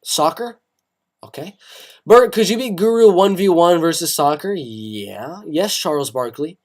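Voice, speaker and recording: Lively young man hosting a livestream. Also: on the high side, unhurried. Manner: rambling, repeats phrases, swears casually. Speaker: MMA live stream host. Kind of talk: casual live stream, reading chat.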